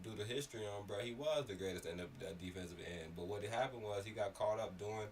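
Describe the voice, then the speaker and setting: A man from Miami telling stories in casual chat, animated and swearing, getting loud when worked up. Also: on the low side, fast. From Miami area. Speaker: podcast co-host. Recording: slightly distant mic, faint background noise.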